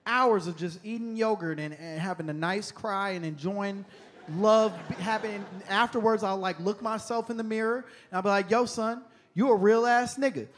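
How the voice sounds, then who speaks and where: A man's voice: high voice, fairly bright tone, slight background noise. Teasing stand-up comic man. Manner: conversational, teasing, quick asides to the crowd. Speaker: stand-up comedian. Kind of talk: stand-up comedy. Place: stage at a comedy club.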